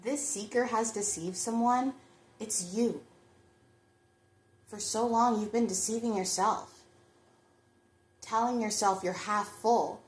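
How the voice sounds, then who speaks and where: A woman's voice: a little high, slow pace, long pauses. Chatty woman reading tarot, echoey room. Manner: chatty, reflective, addresses viewers directly. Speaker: tarot reader. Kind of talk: pick-a-card tarot reading.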